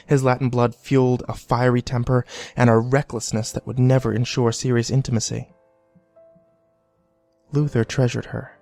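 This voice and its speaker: Gravelly male audiobook narrator. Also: medium pitch, a little mellow.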